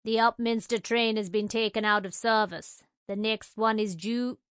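Woman doing a deep Jamaican platform announcer. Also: moderate pace, clear, resonant tone, dry recording, clean studio sound, natural voice. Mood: deadpan. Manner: booming, flat announcements.

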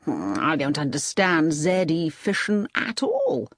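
A woman voicing an agitated male army colonel in an audiobook reading, loud and urgent. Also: deep voice, very animated, measured pace, no echo, studio quality, heavily acted.

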